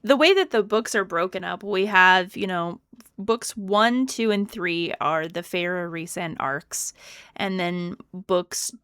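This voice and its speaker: A woman's voice: lowish voice, takes it slowly, fairly bright tone, smooth, dry recording, studio quality. A woman co-hosting a podcast, chatting about a book series and agreeing often with her co-host. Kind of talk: casual book chat.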